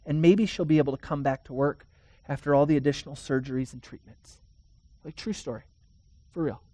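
Pastor preaching with loud and hushed swings. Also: medium pitch, no room sound. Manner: dramatic swings between loud urgent passages and hushed soft ones; asks the audience rhetorical questions. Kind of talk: sermon.

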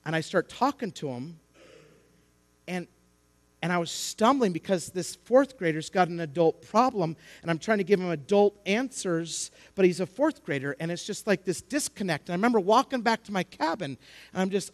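A man preaching a sermon, building to impassioned, shouted emphasis with repeated rhetorical questions. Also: high voice, lively intonation, moderate pace.

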